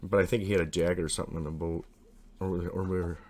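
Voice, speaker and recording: A man casually telling a long, rambling personal story, acting out what people said. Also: fast talker. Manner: rambling, animated, acts out quotes with raised pitch.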